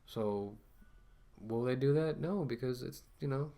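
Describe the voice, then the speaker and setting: A man's voice: mid-range voice, a little slow, gravelly, mellow. A man ranting casually to camera as a vlogger, rambling with many fillers and restarts, talking through a mask.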